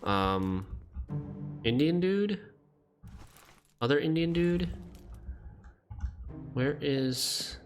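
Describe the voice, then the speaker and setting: A man's voice: on the high side, very animated, drawn-out words, pauses often, soft background music. A man streaming a game, thinking aloud as he works through a puzzle and questions himself.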